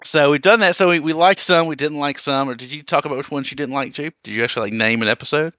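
A man co-hosting a gaming podcast in casual chat, animated and rambling, laughing often. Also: fairly high pitch, quick pace, no echo, muffled recording. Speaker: podcast co-host.

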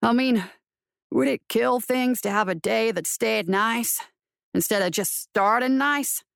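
A woman's voice: fairly high pitch, a little slow, gravelly, dry recording. A woman voicing a weary male frontier marshal who mutters dryly to himself. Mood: wry. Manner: dry, sardonic muttering.

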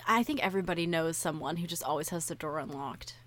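A woman's voice: deep voice, fast talker, a bit bright. Rambling, anxious woman podcast host. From United States. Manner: rambling, filler-heavy, anxious. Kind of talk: casual chat.

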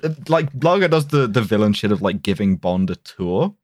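A man hosts a casual film podcast and runs through the plot in a rambling, swearing, animated way. His voice sits at a middling pitch, close and dry on the mic. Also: normal speed, no room sound. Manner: rambling, profane, lively retelling. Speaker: podcast host.

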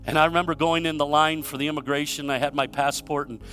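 A man from Michigan preaching a sermon, telling stories and asking rhetorical questions, swinging between loud emphasis and hushed moments. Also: fairly high pitch, steady tone, fast, soft background music. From Michigan, USA. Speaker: pastor.

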